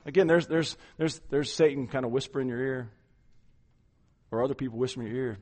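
Guy preaching, kinda high voice, punchy then soft, repeats himself a lot. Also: animated, quick pace. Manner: emphatic, repeats words, swings loud and soft. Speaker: pastor. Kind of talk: sermon.

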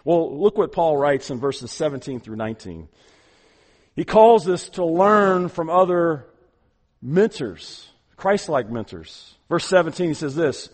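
A man preaching a sermon as pastor, earnest, often repeating words and swinging from loud to hushed. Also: a little high, very animated, unhurried, long reverb tail.

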